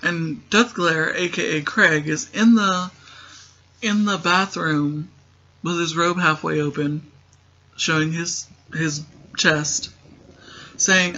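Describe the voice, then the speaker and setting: Male recapper, sarcastic and rambling, bright voice on a muffled lo-fi recording. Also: on the high side, steady tone, slow pace, pauses often. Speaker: show recap host. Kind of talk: casual comedic TV recap. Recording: dull lo-fi recording.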